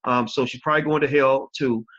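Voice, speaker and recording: A man's voice: mid-range voice, steady tone, fairly quick, a bit bright. A man hosting his own live video channel, chatting casually and frankly with viewers and swearing freely. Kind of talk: casual livestream chat. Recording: dull lo-fi livestream audio.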